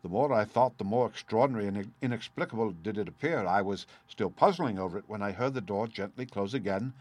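Low-voiced man reading a story. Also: brisk, darkish tone, no echo. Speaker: audiobook reader. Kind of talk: scripted first-person story narration.

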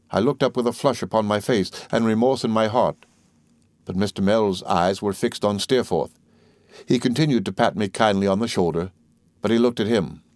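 Low-voiced male audiobook narrator. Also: darkish tone, no room sound, clean studio sound. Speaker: audiobook reader. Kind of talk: scripted narration.

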